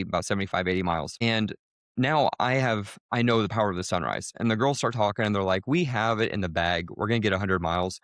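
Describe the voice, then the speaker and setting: A man co-hosting a podcast, telling a race story casually, with lively jumps in pitch when he quotes people. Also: no room sound, clean studio sound. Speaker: podcast co-host.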